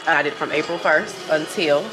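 A woman vlogging casually to her camera at home, gushing and excitable, with lots of ums and likes. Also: deep voice, moderate pace. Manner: gushing and excitable, with many fillers. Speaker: small business owner and vlogger.

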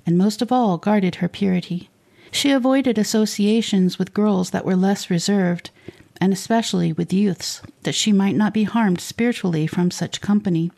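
Woman narrator, warm and mellow, steady storybook reading of a saint's life. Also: medium pitch, vocal fry. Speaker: reader of saints' lives for children.

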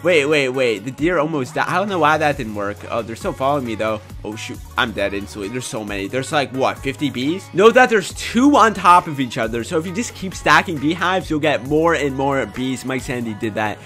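A young man commentating his own gameplay in a casual, excitable way, often breaking into shouts. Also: mid-range voice, a little fast, few pauses, soft background music. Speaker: gaming YouTuber.

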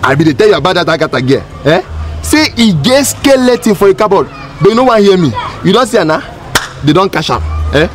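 An actor playing a loud, quarrelsome male motorcycle taxi rider who heckles with a Nigerian Pidgin accent. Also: sits high, big pitch swings. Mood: scolding. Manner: scolding, heckling, quick. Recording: film audio with music and crowd.

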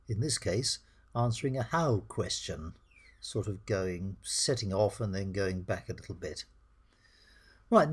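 A middle-aged British man with a husky voice, teaching English slowly and clearly over slides. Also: mid-range voice, a little mellow. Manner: slow, clear teaching delivery, acts out the dialogue lines.

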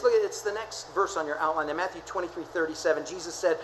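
This is a pastor preaching a sermon in a church. The delivery leans on repetition and contrast, slowing to near-whispers before rising to forceful high points. A faint layer of background noise sits under the voice. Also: rough recording. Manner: dramatic preaching with repeated phrases, swinging from soft to emphatic.

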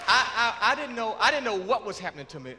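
A man's voice: sits high, big pitch swings, quick pace, a faint crowd. Emphatic man testifying in church. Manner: emphatic, repeats words, breaks into shouts of praise. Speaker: guest speaker giving his testimony. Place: large church before a congregation. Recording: reverberant church hall with congregation.

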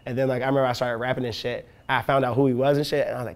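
A young man from Chicago spins profane, animated stories in a casual interview, acting out the voices of everyone he quotes. He talks quickly, with a rough, gravelly edge in his voice. His speaking pitch sits in an ordinary middle range. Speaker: rapper.

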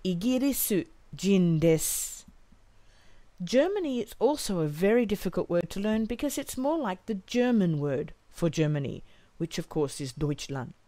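A woman teaching a language lesson, modelling each phrase slowly and carefully for learners to repeat. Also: medium pitch, animated, dark tone, no echo.

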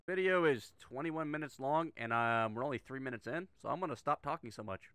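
His voice is medium in pitch, a bit bright, and smooth, moving a little fast with no room sound at all. The middle-aged man offers profanity-heavy, sarcastic reaction commentary, repeatedly restarting what he's saying.

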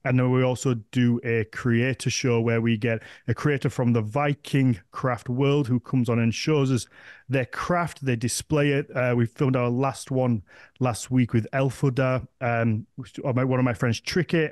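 A man's voice: mid-range voice, little pitch movement, normal speed, darkish tone, no room sound, studio quality. A man with a Northern English accent hosting a podcast, chatting casually and rambling with frequent restarts. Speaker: podcast host.

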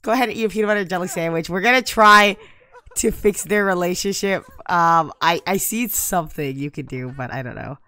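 A young woman giving casual gameplay commentary, exasperated and prone to loud outbursts. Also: on the low side, fairly quick. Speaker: gaming YouTuber.

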